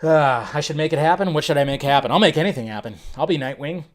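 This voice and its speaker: A young adult man talks through film news on his own livestream. His voice sits fairly high, and he rambles in a loose, joking, animated way, jumping between asides. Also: quick pace. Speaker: livestream host. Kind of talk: casual commentary livestream.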